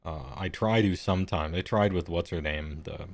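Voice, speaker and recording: Game master, man, very low voice, rambling and self-deprecating table talk. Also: normal speed. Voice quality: deep voice. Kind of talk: casual chat before a live-streamed game.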